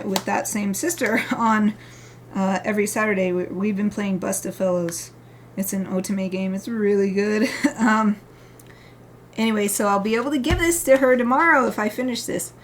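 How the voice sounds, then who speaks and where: A woman artist live-streams her drawing session, chatting casually with viewers and explaining each coloring step as she goes. Her voice sits on the high side with a little hiss or hum. She's chatty and upbeat, greeting viewers warmly and laughing often.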